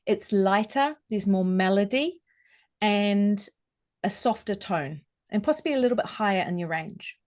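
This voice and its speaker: A woman talks as a vocal coach in a podcast interview. She explains clearly and carefully, and she shows each point by demonstrating how a voice can sound. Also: mid-range voice, lively intonation, a little slow, a little mellow. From New Zealand. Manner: articulate, instructive, demonstrates vocal tones.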